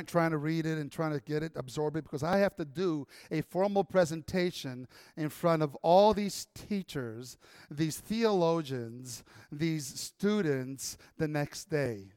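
A man with a notably high voice tells a personal story to an audience. He talks in an animated way and acts out every exchange. The sound is dry, with almost no room in it. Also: clean tone, no room sound.

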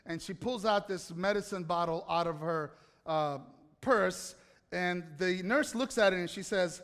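A man preaching to an audience, telling a self-mocking personal story in an animated way with asides to the crowd. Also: sits high, normal speed. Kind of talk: storytelling sermon. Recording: hall reverb.

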